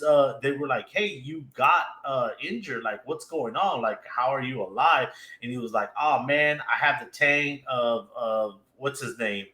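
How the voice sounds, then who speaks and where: Male podcast host, casual, excitable, fills with "man" and "uh"; bright, tense voice, echoey room. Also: mid-range voice, moderate pace. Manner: excitable, laughs often, many fillers. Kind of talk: casual anime recap chat.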